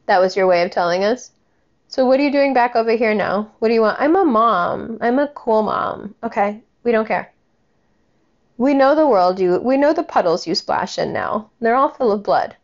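A woman's voice: a little high, lively intonation, normal speed, a little mellow, muffled recording. A woman giving a casual commentary rant, blunt, sarcastic and full of swearing.

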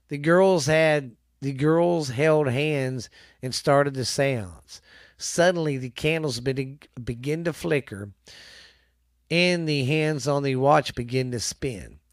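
A man hosting a podcast, reading ghost stories aloud in a halting, casual way with many restarts. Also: mid-range voice, no echo, clean studio sound.

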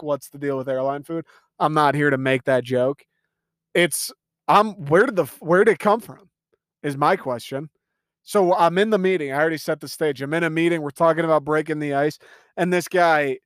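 A young man talks into a close mic in a dry, dead room, ranting in a casual solo podcast. His voice sits a bit high, and he swears freely and rambles with open disbelief. Laughter keeps breaking through his talk. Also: smooth, no echo. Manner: profane, incredulous, rambling, laughs often. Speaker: podcast host.

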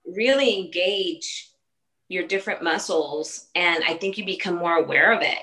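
A woman in her late forties talks through a casual interview. Her voice is on the low side but bright and forceful. She speaks earnestly in short bursts, circling back with fillers and restarts. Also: normal speed, poor audio. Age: 40s. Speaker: fitness trainer and competitor.

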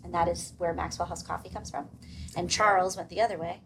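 Chatty woman, a bit low-voiced. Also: fairly even intonation, fast, a bit bright, slight background noise, rough recording. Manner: chatty, lots of fillers. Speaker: podcast guest. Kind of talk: casual podcast chat.

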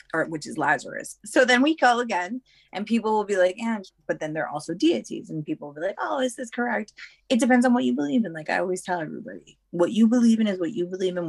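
A woman's voice: on the low side, creaky, breathy edge, no room sound. A woman talking frankly and emphatically in a casual chat, with slang and a preachy streak.

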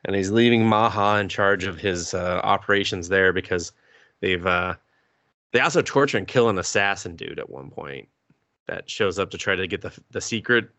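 A man with a fairly low voice talks through an anime plot in a loose, rambling podcast chat. He piles on fillers and casual swearing. The sound is close and dry. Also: moderate pace, sharp tone, dry recording. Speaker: podcast co-host.

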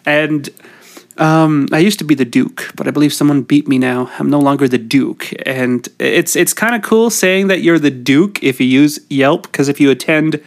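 A man's voice: on the high side, normal speed. A middle-aged man from Canada with a cold, hosting a casual solo podcast in a rambling, jokey, self-deprecating way. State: has a cold. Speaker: podcast host.

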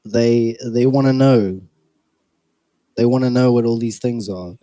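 A man's voice: medium pitch, measured pace, dark tone, no room sound, studio quality. A young man co-hosting a podcast, chatting casually, teasing and laughing often. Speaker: podcast co-host. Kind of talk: casual chat.

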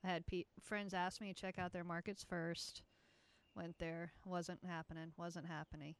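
A guest in a casual chat who talks in a relaxed, easygoing way. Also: medium pitch, moderate pace, clear, resonant tone. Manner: relaxed, easygoing, says "you know" a lot.

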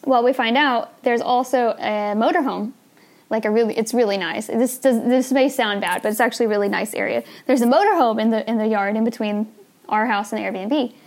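A woman's voice: fairly high pitch, brisk. A young woman hosting a podcast, telling a story in a casual, chatty way with plenty of fillers and laughs. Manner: chatty, laughs often, lots of "like" and "you know". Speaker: podcast host.

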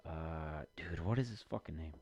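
Low-voiced man cursing and muttering. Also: normal speed, darkish tone. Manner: profane, muttering to himself. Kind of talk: casual rambling commentary. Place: basement.

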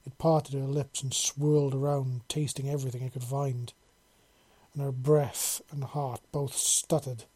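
Husky, mellow male storyteller. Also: medium pitch, little pitch movement, measured pace. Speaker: narrator. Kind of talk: narrating an adult fantasy story.

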